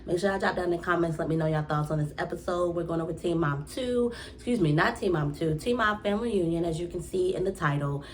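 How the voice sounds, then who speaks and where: Young female recap vlogger, slightly low voice, casual and exasperated, rambling delivery. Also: fast talker, hardly any pauses, a little hiss or hum. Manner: exasperated, animated, restarts often.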